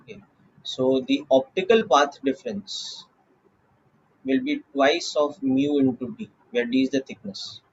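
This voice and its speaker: Husky Indian man teaching physics. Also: medium pitch, sing-song, highs cut off. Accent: Indian English. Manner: slow, deliberate explaining with frequent "okay" checks. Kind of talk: classroom lecture.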